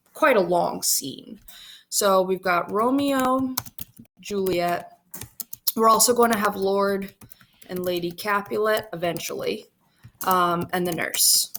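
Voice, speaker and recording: A woman's voice: mid-range voice, a bit bright, a little hiss or hum. A woman teacher casually explaining a play scene by scene to students.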